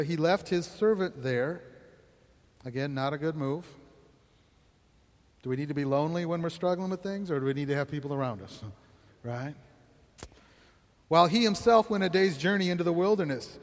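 High-voiced preacher in a reverberant hall. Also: male voice. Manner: conversational, laughs often, asks the congregation questions. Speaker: pastor. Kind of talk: sermon.

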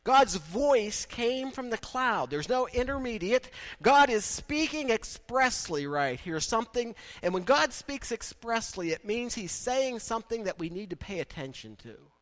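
A man preaching a sermon in a conversational way, building now and then to loud, emphatic peaks. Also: extremely high pitch, big pitch swings, measured pace, few pauses. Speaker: pastor.

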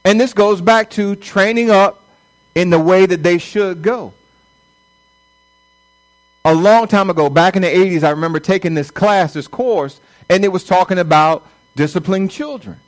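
High-voiced man preaching a sermon. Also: moderate pace, low-quality recording. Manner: conversational preaching, acts out quoted voices. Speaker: pastor.

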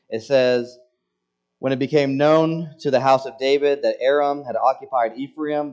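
A man's voice: medium pitch, muffled recording. A man preaching a sermon in a conversational, joking way, acting out quoted lines with emphasis. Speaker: pastor.

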